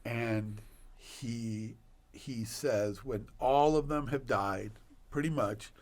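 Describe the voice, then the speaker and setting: Older man, slow animated storyteller. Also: medium pitch. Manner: animated, laughing storyteller with dramatic pauses. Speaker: doctor guest on a podcast. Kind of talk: personal storytelling in conversation.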